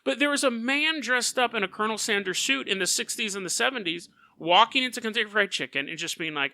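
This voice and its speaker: A man hosting a casual storytelling podcast in an animated way, often laughing mid-sentence. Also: sits high, fast, few pauses, no echo. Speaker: podcast host.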